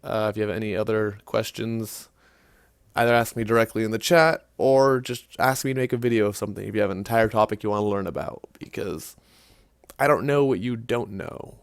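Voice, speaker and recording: A man giving a casual, unscripted software tutorial, thinking aloud with fillers and self-corrections as he clicks through the steps. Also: lowish voice, brisk, clean tone, no room sound, clean studio sound. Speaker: CAD tutorial instructor. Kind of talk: screen-recorded software walkthrough.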